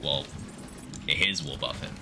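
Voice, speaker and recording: A man's voice: rumbling low, slow. A man streaming live, casually explaining game mechanics in detail while greeting viewers in chat. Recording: background noise.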